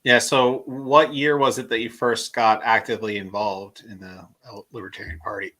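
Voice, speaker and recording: A man's voice: mid-range voice, normal speed, sharp tone. A man hosting a podcast, asking short interview questions. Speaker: podcast host.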